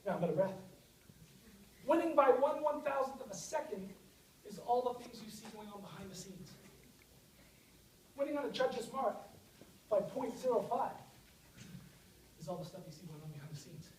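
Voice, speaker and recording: A man giving an energetic, joking university guest lecture and speaking straight to his audience. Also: high voice, moderate pace, pauses often. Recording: echoey hall, distant mic, faint noise.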